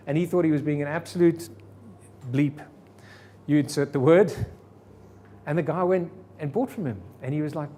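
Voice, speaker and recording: Man giving an animated sales seminar. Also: fairly high pitch, moderate pace. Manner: animated, rhetorical questions to the room. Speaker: sales trainer. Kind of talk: live seminar talk to an audience. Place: meeting room with audience.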